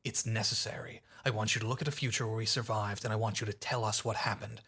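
A man's voice: lowish voice, steady tone, fast, sharp tone, breathy edge, heavily acted. A man voicing a cold, calculating adult male crime boss, speaking in curt, commanding sentences.

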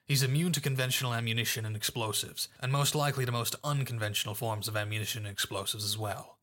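A man's voice: mid-range voice, fairly even intonation, fast, fairly bright tone, natural voice. A man voicing a cold, calculating adult male crime boss, speaking in curt, commanding sentences. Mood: clipped.

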